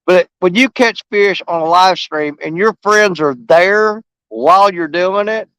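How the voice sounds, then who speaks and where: A man with a drawl talks to his viewers in a high, excitable voice, folksy and full of enthusiasm. He sits outdoors by a river, and his voice is picked up close and dry. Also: a little slow, hardly any pauses, clean tone, no room sound, poor audio. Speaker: fishing live streamer. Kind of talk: casual chat to viewers on a live stream.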